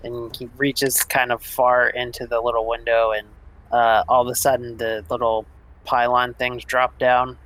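A man's voice: mid-range voice, little pitch movement, a little slow, fairly bright tone, poor audio. A man narrating casually as game master, with loose phrasing and fillers.

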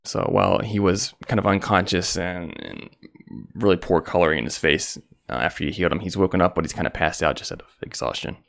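Low gravelly guy game-mastering from home, loads of uhs and ums. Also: brisk, fairly bright tone. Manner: rambling, lots of fillers. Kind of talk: narrating a tabletop game.

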